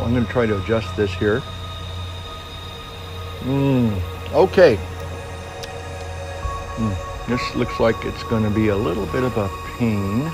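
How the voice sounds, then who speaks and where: An older man talks in an unhurried drawl, pausing often to hum appreciatively as he chats with viewers. He sits out on a veranda while music plays clearly behind him. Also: medium pitch. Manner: leisurely, savoring, humming "mm" between phrases. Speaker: pipe-smoking vlogger. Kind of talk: relaxed casual chat to viewers. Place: outdoors on a veranda deck.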